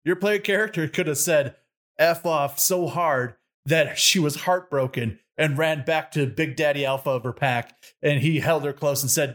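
A man's voice: fairly high pitch, normal speed, a bit bright. A man in casual chat describing how a tabletop game story could unfold, in a storytelling way.

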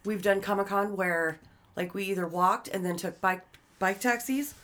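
A woman's voice: medium pitch, moderate pace, a bit bright. A young adult woman in casual chat, blunt and emphatic, with lots of swearing.

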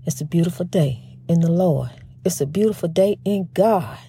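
A middle-aged woman hosting a faith-based talk program in a casual spiritual monologue. She talks fast with a slight stutter, restarts often, and keeps calling her listeners "honey". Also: fairly low pitch, mellow, husky, no room sound, studio quality. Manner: folksy and emphatic, says "honey" often.

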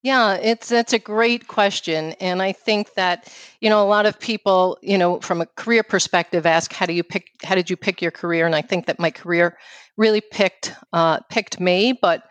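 A woman in her fifties with a New York accent, a guest speaking in an outspoken, quick, casual way with lots of "you know.". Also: on the low side, dry recording. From New York City. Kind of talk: casual interview conversation.

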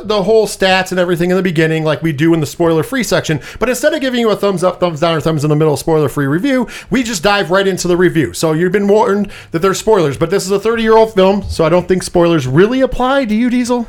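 A man hosting a relaxed movie review podcast, his voice sitting high and swooping up and down with lively energy. He rambles and chats along, laughing at his own jokes as he reads and rolls on. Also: quick pace, hardly any pauses. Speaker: podcast co-host. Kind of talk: casual movie review chat.

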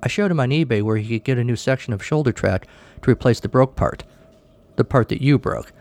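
A man's voice: mid-range voice, brisk, gravelly, darkish tone, lightly acted. A man voicing a bitter, taunting older brother in his fifties, close to his own voice. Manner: dismissive, taunting.

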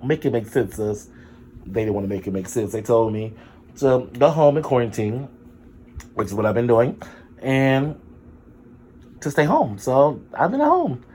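Sick guy with a sore throat, low energy, chatting to his viewers, mellow dark voice, sassy and expressive. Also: moderate pace, pauses often, a little hiss or hum. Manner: chatty and expressive, with sudden high exclamations and sassy asides. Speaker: vlogger. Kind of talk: casual storytelling to camera.

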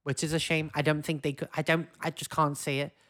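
A man's voice: fairly high pitch, flat delivery, a little fast, fairly bright tone. A man from Wigan with a Northern English accent, chatting casually as a podcast co-host, rambling and hesitant with lots of fillers. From Wigan, England. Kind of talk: casual chat.

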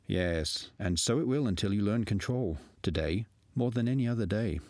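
A man voicing a calm, knowing old master. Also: lowish voice, no room sound, lightly acted. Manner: measured, dry amusement.

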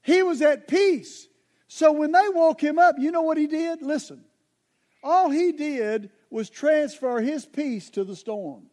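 A man's voice: very high-pitched, unhurried, dark tone. A man preaching a sermon in a conversational, emphatic way, often turning straight to his listeners.

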